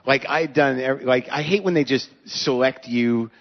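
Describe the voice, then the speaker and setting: Man, podcast host, casual profane talk, medium pitch, muffled live audio. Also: moderate pace, big-room sound. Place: live venue stage. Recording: dull live stage recording.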